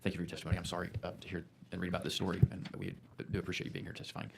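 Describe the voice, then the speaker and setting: A male committee chair calls witnesses in a brisk, formulaic manner. His voice is very deep and gravelly, and it stays flat as he moves quickly through procedure. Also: very noisy. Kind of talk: formal hearing procedure.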